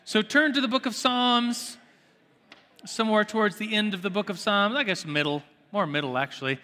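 A middle-aged man teaching a Sunday school sermon in a church hall, casual and animated, with rising exclamations. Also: sits high, moderate pace. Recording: long hall reverb.

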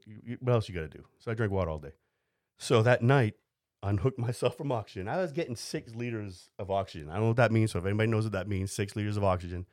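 A man with a lowish voice chats casually, telling a story and laughing often while acting out bits of dialogue in different voices. He comes across as an animated storyteller, and the recording is dry and studio quality.

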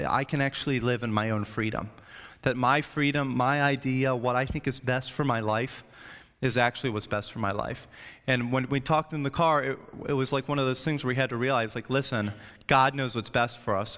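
A man's voice: mid-range voice, normal speed, a bit bright. A man giving a casual, joking sermon, often checking in with his listeners. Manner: chatty, joking, keeps asking "right?". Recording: long hall reverb.

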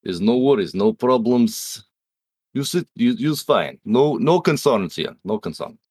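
A man's voice: mid-range voice, expressive, a little slow, darkish tone, slightly rough, dry recording. A man putting on a jokey Russian-accent guy. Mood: reassuring.

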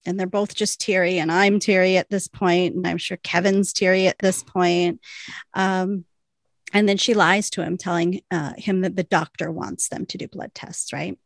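A young woman chats her way through a TV episode recap, trailing off into fillers and laughing as she goes. Her voice has a gravelly, fry-heavy edge. It sits dry and close to the mic. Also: fairly low pitch, flat delivery, normal speed, no echo. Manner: rambling, many fillers, laughs often. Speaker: podcast co-host. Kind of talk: casual recap chat.

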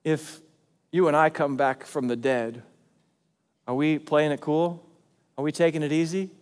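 A man preaching a sermon as pastor, in a conversational, animated way. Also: a little high, measured pace, clear, resonant tone, long reverb tail. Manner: conversational and animated, acting out quotes.

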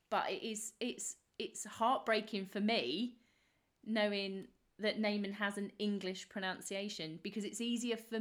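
A woman's voice: medium pitch, fairly bright tone. A woman co-hosting a podcast, speaking in an earnest, reflective way. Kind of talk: casual podcast chat.

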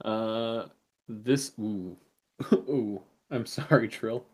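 A man running a tabletop game as game master, making quick casual rulings. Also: lowish voice, a little mellow, breathy edge.

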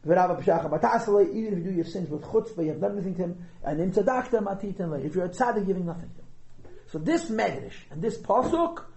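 A man teaching a Chassidus class to regulars, lively and thinking aloud as he explains, stressing key words. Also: high-pitched, fast talker, vocal fry. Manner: thinks aloud, hedges and restarts often. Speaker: Torah teacher. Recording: echoey room.

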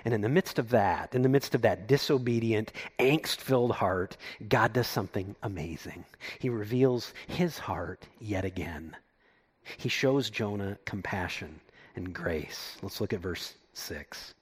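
A man preaching a sermon, reading scripture aloud and explaining it, swinging from loud emphatic lines to hushed low asides. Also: unhurried, slightly rough. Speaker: pastor.

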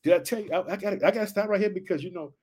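A man preaching with high energy, reading Bible verses aloud and riffing on them, repeating his catchphrases and questions to listeners. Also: racing, darkish tone, breathy edge. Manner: reads verses aloud then riffs on them. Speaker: preacher teaching scripture.

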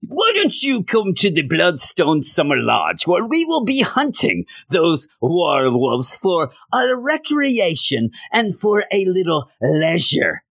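A man voicing a pompous, rich British gentleman with a deliberately bad, haughty fake British accent. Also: high voice, wildly swooping pitch, creaky, no echo, studio quality, voice pushed up, heavily acted. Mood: smug. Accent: exaggerated fake British.

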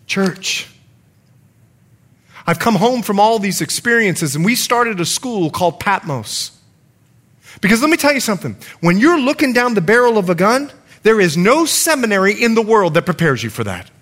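Male pastor, fairly high voice with wide swings, animated storytelling sermon delivery in church. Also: normal speed. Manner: animated storytelling preacher, emphatic swings in pitch.

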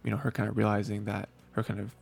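A man with a deep, gravelly voice and a husky edge talks through a show in a relaxed, rambling way. He fills pauses with ums and you-knows and slips into quick quoted lines. It sounds like easygoing podcast chat. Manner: rambling, lots of fillers, quoting characters in quick asides. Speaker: podcast co-host. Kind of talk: casual anime review chat.

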